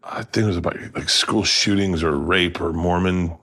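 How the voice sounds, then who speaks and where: A man in his fifties hosting a podcast, telling a funny story in a casual, animated way, often laughing and acting out other people's lines. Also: normal speed, slightly rough. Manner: animated storyteller, acts out quotes with big pitch jumps, laughs often. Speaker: podcast host.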